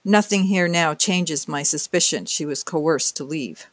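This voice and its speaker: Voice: medium pitch, unhurried, dry recording, close to an everyday voice. A narrator voicing a fierce, protective young woman who talks urgently and insistently. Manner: urgent, forceful.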